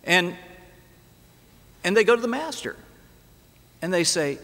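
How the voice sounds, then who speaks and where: A man's voice: sits high, very animated, a little slow, vocal fry, pauses often, fairly bright tone. A man preaching a sermon as pastor in a church, telling the story dramatically and asking rhetorical questions. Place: church sanctuary. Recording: echoey church hall.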